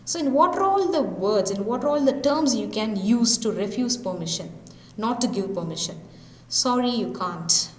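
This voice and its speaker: A woman's voice: on the high side, animated, normal speed, a little mellow. A woman with an Indian English accent giving an English lesson, explaining and rephrasing each phrase. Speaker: English lecturer. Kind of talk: classroom lecture. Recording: echoey room with long reverb.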